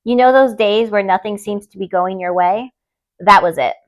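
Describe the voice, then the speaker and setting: A young woman hosting a podcast, reading listener stories aloud and chatting in an expressive, openly emotional way. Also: medium pitch, normal speed. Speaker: podcast host.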